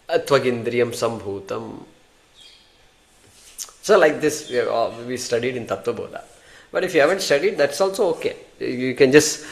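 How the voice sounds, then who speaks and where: An Indian-accented man teaching a scripture class in a mid-range voice. He keeps things conversational, throwing questions to his students and answering them himself. He often recites Sanskrit terms and verses as he explains. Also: mid-range voice. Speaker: Vedanta teacher.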